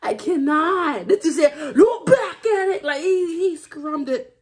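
High, lively woman reacting excitedly. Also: a little slow, a little hiss or hum. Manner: squealing, laughing, singing along. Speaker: reaction video host. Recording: music playing loudly behind.

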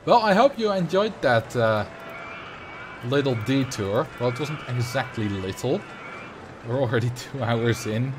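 A man's voice: mid-range voice, animated, measured pace, background noise. Rambling Dutch man streaming. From Netherlands. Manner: rambling, reads chat aloud and answers. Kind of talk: casual livestream chat.

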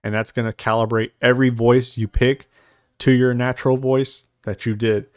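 A man's voice: mid-range voice, little pitch movement, moderate pace, clean tone, no echo, studio quality. A young man casually explaining voice-changer settings in a rambling tutorial, swearing now and then. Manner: rambling, casual, curses lightly. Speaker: host. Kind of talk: software tutorial. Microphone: studio mic with noise suppression.

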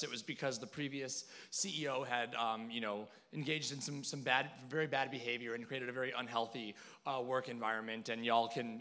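A man's voice: mid-range voice, fairly bright tone. A man moderating a conference panel, candid and conversational, hesitating as he words his questions. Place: conference stage with audience.

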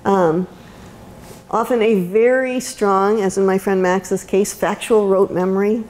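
A woman's voice: mid-range voice, steady tone, a little slow, darkish tone. A woman giving a conversational lecture as an autism educator, with frequent ums and restarts. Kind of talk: university lecture talk. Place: lecture room.

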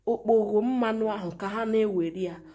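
A woman's voice: medium pitch, brisk, mellow. A woman with a Nigerian Igbo accent giving an earnest, lamenting monologue full of rhetorical questions. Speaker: commentator. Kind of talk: impassioned monologue mixing Igbo and English.

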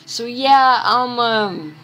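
Slow rambling woman gamer commentator. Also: on the high side, fairly bright tone. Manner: rambling, repetitive, chatty. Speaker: gameplay commentator. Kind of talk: casual let's-play commentary.

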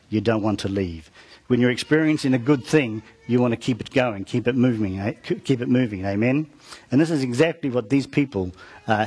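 A man's voice: mid-range voice, a little mellow, breathy edge. A man preaching, retelling a story to his congregation and calling out to them as he goes. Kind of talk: storytelling sermon.

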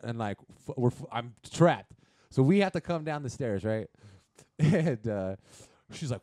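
A man's voice: mid-range voice, animated, normal speed, darkish tone, no room sound, studio quality. A man in his thirties on a podcast, telling a crude story in casual chat and acting out the other people in it. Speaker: podcast co-host.

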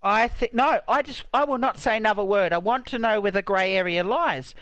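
A man's voice: high voice, brisk, fairly bright tone, no echo, muffled recording. A man ranting angrily and swearing heavily in game voice chat, repeating himself over a headset. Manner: angry, ranting, repetitive, heavy swearing. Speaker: online game player.

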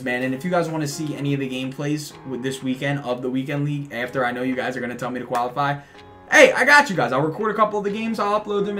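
A man's voice: a little high, bright, forceful tone. A young man giving casual, slangy commentary over his own football video game match, talking to the opponent and to viewers. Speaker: gaming YouTuber.

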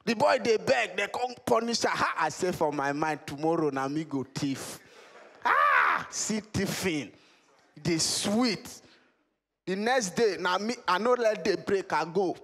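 A man telling a comic story in Nigerian Pidgin, animated and laughing as he acts out the scenes. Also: high-pitched, unhurried, creaky. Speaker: stand-up comedian.

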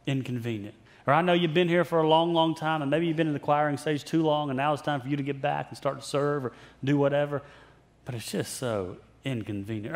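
A man preaching a sermon as pastor, telling the story conversationally, repeating phrases for emphasis and acting out the characters' lines. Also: on the high side. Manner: conversational storytelling with playful put-on voices.

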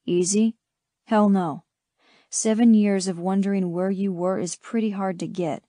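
Give me a woman playing an intense, adoring young man in an audiobook, low and earnest, with a mellow tone. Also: fairly even intonation, measured pace, no echo, studio quality, lightly acted.

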